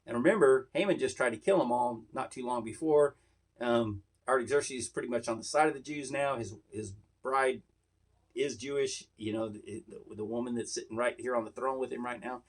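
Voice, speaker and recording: A man's voice: mid-range voice, moderate pace, husky. A man hosting a casual Bible lesson, explaining in a rambling, conversational way full of asides. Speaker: Bible teacher, host.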